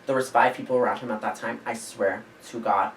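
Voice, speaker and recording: A man in his twenties, a podcast host, telling a story in a casual, animated way, full of fillers and acted-out quotes. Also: medium pitch, brisk, far from the mic, a little hiss or hum, poor audio. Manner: animated, filler-heavy, acts out quoted lines.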